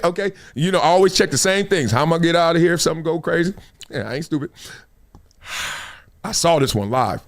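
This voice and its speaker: A man's voice: a little high, lively intonation, a little fast. A middle-aged man with a Los Angeles accent, hosting his show and telling a long story in casual chat, acting out the scenes with slang. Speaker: host.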